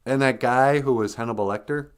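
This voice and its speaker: An older man hosts a casual livestream, greeting viewers and telling joking stories, chuckling often. His mid-range voice is a little fast, clear, and resonant.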